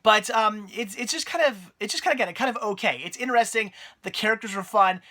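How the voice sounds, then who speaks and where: A man with a fairly high, bright voice talks through a movie review in a loose, rambling way. He keeps stopping, restarting and filling gaps as he gives his opinions. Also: quick pace. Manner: rambling, many fillers and restarts. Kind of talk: casual spoken movie review.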